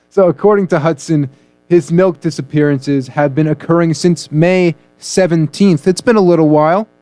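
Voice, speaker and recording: A man's voice: on the high side, a little slow, dark tone, no room sound. A man co-hosting a comedy news radio show, joking and punning through the stories. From United States. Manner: jokey, punning, playful delivery.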